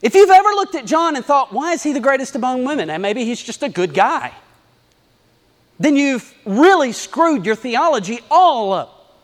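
High-pitched guy preaching, really lively, bouncy delivery, echoey hall. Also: normal speed. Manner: animated, conversational preaching with acted-out asides. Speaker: pastor. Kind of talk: sermon.

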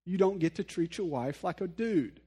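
A man preaching a sermon in a slightly higher voice than most men. He talks to the congregation like he is chatting with them, earnest and direct, with easy self-deprecating humor. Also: animated, normal speed, mellow, breathy edge. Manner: addresses listeners directly, earnest. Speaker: pastor.

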